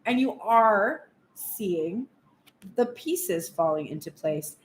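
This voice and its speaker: A woman giving a frank, animated tarot reading in a casual spoken style, swearing now and then. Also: medium pitch, slow, reverberant, a little hiss or hum. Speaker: tarot reader.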